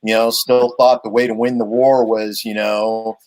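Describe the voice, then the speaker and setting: A man hosting a casual podcast conversation, talking in a measured, wry way and often filling gaps with "you know". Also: fairly low pitch, level tone, darkish tone, poor audio. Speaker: podcast host.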